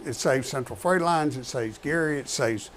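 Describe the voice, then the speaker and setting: A man's voice: mid-range voice, normal speed, a little hiss or hum. A man who is a professional truck driver, talking casually and repeating his key points for emphasis. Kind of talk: casual talk show chat.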